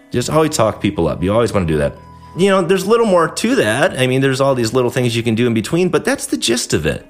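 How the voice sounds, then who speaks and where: A man's voice: mid-range voice, huge pitch swings, fast, faint music behind. A man hosting a podcast, talking casually and acting out quotes from patients and staff as he explains how a dental office runs. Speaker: podcast host, dentist. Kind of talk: casual instructional talk.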